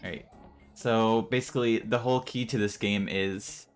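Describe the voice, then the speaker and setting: A man's voice: fairly low pitch, steady tone, normal speed. A man streaming a video game and chatting casually about it, rambling a little as he goes. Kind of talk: casual gameplay commentary. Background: game music.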